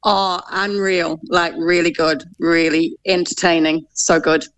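A woman's voice: lowish voice, fairly even intonation, measured pace, a bit bright, clean tone. Easygoing New Zealand woman caller. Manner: easygoing, short replies. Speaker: radio caller.

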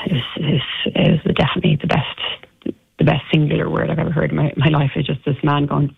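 An Irish woman, an interview guest, recounting an ordeal in a halting way with many restarts, heard over a tinny phone line. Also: low voice, little pitch movement, vocal fry, breathy edge, no room sound. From Ireland.

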